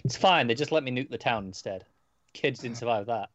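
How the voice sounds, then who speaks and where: Relaxed co-host man, dry sound. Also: mid-range voice, brisk, no room sound, highs cut off. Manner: relaxed, stumbling restarts while explaining. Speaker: podcast co-host. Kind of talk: casual chat.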